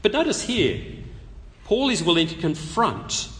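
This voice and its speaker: A man preaching an expository sermon at a public meeting, conversational and animated, with touches of light humor. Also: high voice, unhurried. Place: meeting hall. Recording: long reverb of a meeting hall.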